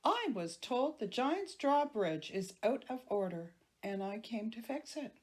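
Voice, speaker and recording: Storybook casting: woman playing a sly man on a wagon, smooth and unhurried. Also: a little high, sing-song. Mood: offhand.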